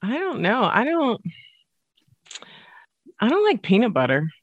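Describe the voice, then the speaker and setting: A woman's voice: fairly high pitch, wildly swooping pitch, a little slow, no echo, muffled recording. A woman chatting candidly as a panelist in a casual group video call.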